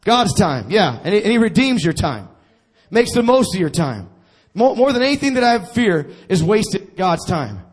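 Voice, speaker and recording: High-voiced man preaching a sermon. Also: very animated, normal speed, breathy edge. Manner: call-and-response preaching, repeats phrases. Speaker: pastor.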